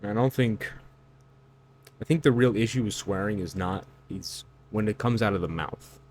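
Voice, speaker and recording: A man's voice: on the low side, moderate pace, darkish tone, slight background noise. A man giving reaction commentary on song lyrics, incredulous and lecturing, with loose fillers and restarts. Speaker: online commentator.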